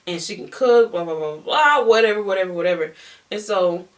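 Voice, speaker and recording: A young woman telling a story on her vlog in a casual, animated, slangy way, repeating words for emphasis. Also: mid-range voice, brisk, far from the mic. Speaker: beauty vlogger.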